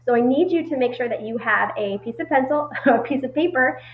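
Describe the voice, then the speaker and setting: A woman teacher giving a recorded reading lesson to children, explaining in a friendly way with frequent pauses and fillers. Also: sits high, animated. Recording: echoey muffled room recording.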